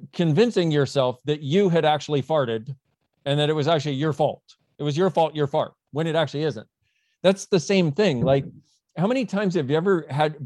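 A man speaking as a podcast guest, explaining an idea in a lively, jokey way and acting out little dialogues. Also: fairly high pitch, no echo, clean studio sound. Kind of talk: casual explanatory talk.

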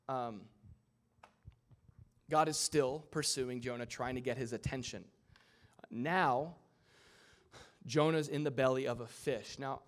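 Man preaching a casual sermon. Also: mid-range voice. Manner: casual retelling of scripture with asides and character voices. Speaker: pastor.

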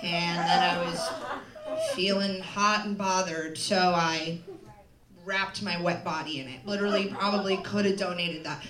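A woman's voice: fairly low pitch, steady tone, a little slow. A woman stand-up comedian telling a self-deprecating story live, rambling with lots of fillers. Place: comedy club stage. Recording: echoey room from far off, loud crowd laughter. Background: loud audience laughter.

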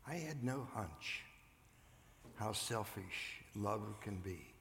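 An older man preaching a sermon, earnest, rising loud and then dropping to a hush. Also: fairly low pitch, lively intonation, slow, creaky, long reverb tail, slight background noise. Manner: earnest, swings from loud to hushed. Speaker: pastor. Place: church sanctuary.

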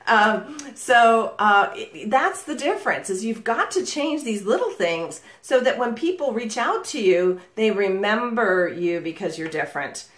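A middle-aged woman coaching real estate agents in a live session over a video call, talking with lively inflection and energy and laughing often. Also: a little high, a little slow, few pauses. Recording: roomy echo.

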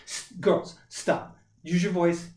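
Man, fairly high voice, emphatic ranter, roomy echo. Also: normal speed. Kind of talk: casual chat.

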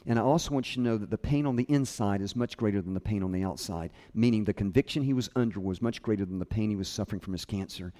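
A man's voice: on the low side, fast, few pauses. A man preaching a sermon, telling a personal story and acting out the people in it as he quotes them. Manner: storytelling with lively quoted voices. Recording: long hall reverb.

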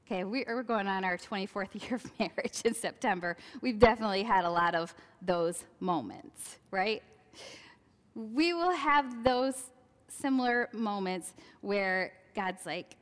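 A woman's voice: on the high side, moderate pace. A woman in her forties giving a chatty devotional talk, laughing at herself and acting out quoted lines. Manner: chatty, laughing asides, animated quoting. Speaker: Christian speaker. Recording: long hall reverb.

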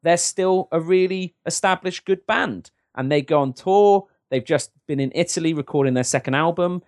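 An English man co-hosts a casual advice-show podcast, rambling and joking with plenty of restarts. His pitch is fairly high and his speed normal, and the studio-quality recording has no room sound.

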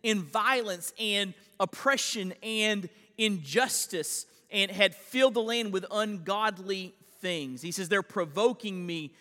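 Bright high-voiced man preaching. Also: slow pace, few pauses, in a large hall. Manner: earnest preaching with repeated restarts, reading scripture aloud. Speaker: pastor. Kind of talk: expository sermon.

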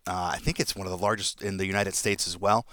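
A man's voice: sits low, steady tone, fast talker, a bit bright, no echo, studio quality. A middle-aged man with a Boston accent, a podcast guest chatting casually and rambling with many filler sounds. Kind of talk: casual chat.

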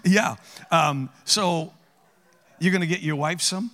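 A man's voice: on the high side, slow, big-room sound. A man speaking as a guest preacher, teasing and joking with his audience in a church auditorium. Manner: animated, teasing, calls out to the audience. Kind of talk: playful sermon with audience interaction.

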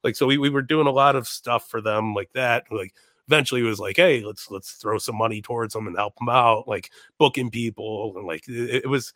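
A young man tells rambling, animated stories as a podcast guest, laughing and swearing through them. His voice sits at an ordinary middle pitch. The sound is dry and close, with no room echo. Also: fairly quick. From Chicago. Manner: animated, laughing, swears often, many restarts. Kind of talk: casual storytelling chat.

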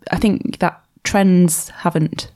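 A woman's voice: lowish voice, steady tone, darkish tone. A woman co-hosting a podcast, chatting casually and joking. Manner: chatty, jokey, quick to laugh. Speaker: podcast co-host. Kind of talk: casual chat.

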